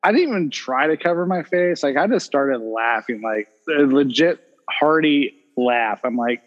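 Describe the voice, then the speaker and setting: Laughing dad with a lively voice, echoey. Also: male voice, mid-range voice, normal speed, few pauses, highs cut off. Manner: laughs often while telling stories. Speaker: podcast host. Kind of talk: casual chat.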